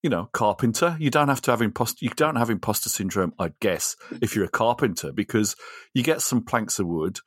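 Man, podcast co-host, casual rambling chat, lowish voice, dry close mic. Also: lively intonation, fairly quick, breathy edge, no room sound. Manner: rambling, chatty, laughs often.

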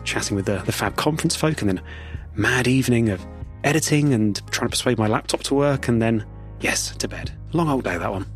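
A man hosts a podcast in a relaxed, chatty way, with a medium-pitched voice. He is self-deprecating and leans on fillers and restarts. He is recording from a quiet corner of a conference. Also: brisk, faint music behind. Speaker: podcast host. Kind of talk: casual podcast narration and chat.

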